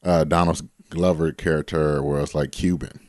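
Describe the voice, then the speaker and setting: A man co-hosting a podcast in casual chat, calm and laid-back, often answering with short agreements. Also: extremely low pitch, normal speed, dry recording, studio quality. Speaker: podcast co-host.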